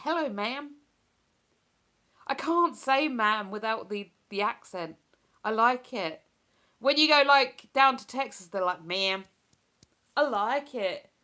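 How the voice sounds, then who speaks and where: This streamer has a mid-range voice with a sharp edge to it. She chats casually, wandering from topic to topic and laughing as she reads viewer messages.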